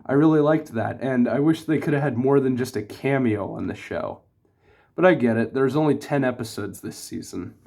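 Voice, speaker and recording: Male reviewer, offhand rambling delivery, average pitch. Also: moderate pace, vocal fry, darkish tone. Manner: rambling, full of "like" and restarts. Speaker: TV show reviewer. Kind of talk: casual spoken review.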